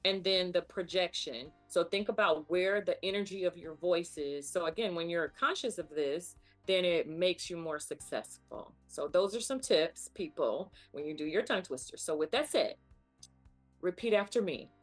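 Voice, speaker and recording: Woman, guest speech coach, somewhat low voice, upbeat and playful, faint music behind. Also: moderate pace. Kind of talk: casual instructional chat.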